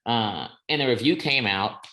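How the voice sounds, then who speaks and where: A man's voice: medium pitch, bright, forceful tone. A male singer, a guest in an interview, tells a personal story with earnest, emphatic declarations. He thinks aloud and restarts his sentences. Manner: earnest and emphatic, builds slow deliberate declarations.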